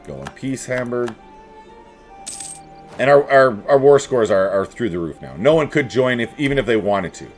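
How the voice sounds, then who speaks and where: Man, wry gameplay commentator, animated delivery, faint music under the voice. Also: medium pitch, normal speed. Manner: wry, jokey running commentary to himself. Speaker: strategy game streamer.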